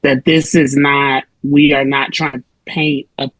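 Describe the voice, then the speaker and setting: A man with a husky voice, recorded dry on a video call. He speaks earnestly and plainly, reassuring the group. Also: mid-range voice, little pitch movement, measured pace, fairly bright tone, no room sound, low-quality recording. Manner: earnest, blunt. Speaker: support group co-host.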